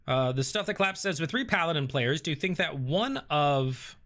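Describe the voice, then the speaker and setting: A man with a bright, clear voice hosts a relaxed live stream. He reads viewer comments aloud and answers them in an easy, thinking-aloud way, full of ums and uhs. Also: fairly high pitch, moderate pace. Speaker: host reading live chat. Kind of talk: casual live-stream chat.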